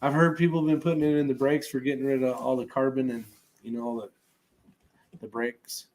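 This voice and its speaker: Male livestream host, relaxed and rambling, mid pitch, casual chat delivery. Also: fairly quick, a little hiss or hum.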